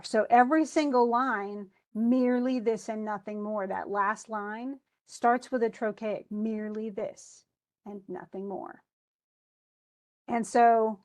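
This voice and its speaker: A woman's voice: on the high side, a little mellow. A woman English instructor giving a classroom lecture on poetic meter, reading verse aloud with marked stresses and thinking aloud with questions to students. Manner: reads verse aloud with stresses, tapping out rhythm syllables.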